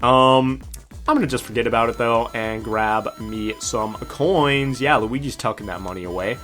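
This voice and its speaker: A man's voice: medium pitch, moderate pace, fairly bright tone, soft background music. A man casually commenting on a video game as he plays, chatty and joking. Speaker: let's play host. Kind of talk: gameplay commentary.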